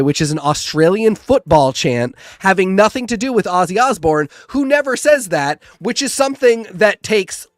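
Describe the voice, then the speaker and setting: A man co-hosting a podcast who talks quickly and rants animatedly in casual chat. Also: sits high, big pitch swings, no room sound, clean studio sound. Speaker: podcast co-host.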